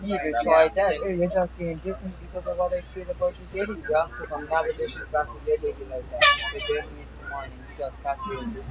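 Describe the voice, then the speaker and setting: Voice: medium pitch, steady tone, fast, few pauses, heavy background noise. A speaker chatting casually, telling rambling, slurred stories that are hard to follow. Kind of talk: casual chat. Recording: dull lo-fi stream audio, loud music behind.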